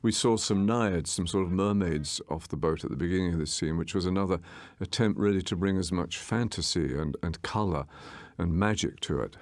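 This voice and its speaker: Deep, gravelly man commenting on a film. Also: no room sound. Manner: measured, explanatory, with small restarts. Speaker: film director.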